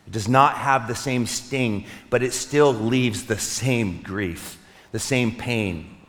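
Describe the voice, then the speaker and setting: A man preaching an Easter sermon as pastor, earnest, slowing and softening on heavy words. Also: mid-range voice. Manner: earnest, with soft slowed pauses. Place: church sanctuary. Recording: long reverb of a large hall.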